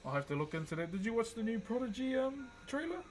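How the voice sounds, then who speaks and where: A young man with a New Zealand accent, hosting a relaxed livestream and greeting viewers by name while he carves wood. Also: very high-pitched, fast talker, soft background music, low-quality recording. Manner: laid-back, greets chat viewers by name. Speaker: livestream host. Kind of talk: casual livestream chat while wood carving.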